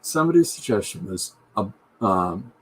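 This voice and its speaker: A man's voice: on the low side, sing-song, normal speed, breathy edge. A man hosting his own podcast, chatting casually and jokily while he draws a comic. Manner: rambling, jokey asides. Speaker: podcast host and comic artist. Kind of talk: casual chat while drawing.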